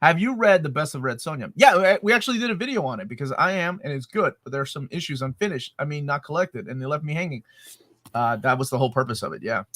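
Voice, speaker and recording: A man's voice: fairly high pitch, expressive, fast talker, a bit bright, dry recording, studio quality. A man co-hosting a live question-and-answer chat, joking and laughing often. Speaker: co-host.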